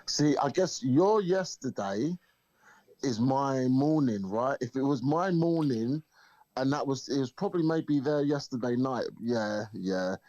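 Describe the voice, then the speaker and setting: A man's voice: mid-range voice, animated, measured pace, warm tone, no room sound, highs cut off. A man in a casual chat, speaking firmly and pointedly about standing his ground. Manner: firm and pointed. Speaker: space host.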